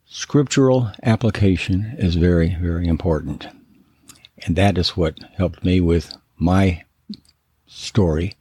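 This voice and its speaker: A man's voice: deep voice, warm tone, husky, no echo. A man, a biblical counselor, giving an earnest, emphatic teaching talk that stresses and repeats key words. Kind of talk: teaching sermon.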